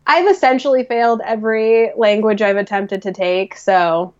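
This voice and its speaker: A woman's voice: mid-range voice, normal speed, highs cut off. A woman from the United States co-hosting a podcast in casual chat, self-deprecating and full of "like" as she talks. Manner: self-deprecating, chatty, trails off with "like". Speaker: podcast co-host.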